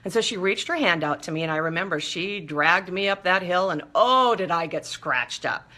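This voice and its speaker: A woman hosting a talk show, telling a personal story in a lively, chatty way with playful asides. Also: on the low side, normal speed. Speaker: show host.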